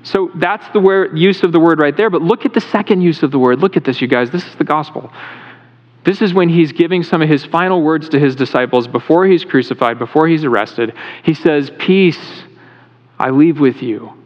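Male pastor, fairly high voice, conversational sermon that draws in the congregation. Recorded in a church hall with a long tail and a muffled, lo-fi sound. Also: fairly quick. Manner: conversational preaching, asks the congregation questions. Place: church sanctuary. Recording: reverberant hall, dull lo-fi sound.

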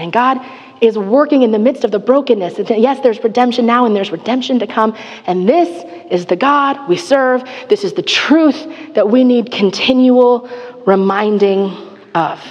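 A woman's voice: mid-range voice, unhurried, darkish tone, highs cut off. A woman giving a conversational sermon, candid and chatty with frequent filler words and self-deprecating asides. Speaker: preacher teaching a Psalm. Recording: long reverb of a large hall.

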